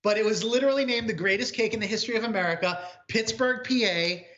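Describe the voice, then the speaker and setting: A man co-founder being interviewed on a talk show, relaxed and plain-spoken as he talks up the food. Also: high voice, fast, highs cut off. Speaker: company co-founder guest.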